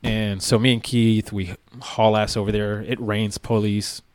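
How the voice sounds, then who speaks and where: Low-voiced ex-cop telling a story. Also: male voice, measured pace, no echo. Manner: relaxed, rambling with many fillers. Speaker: former police officer. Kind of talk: casual storytelling.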